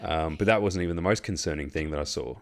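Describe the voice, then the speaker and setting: A man's voice: a bass voice, fast talker. An Australian man hosting a casual chat, telling a long story in a rambling way with lots of fillers, restarts and swearing. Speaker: host.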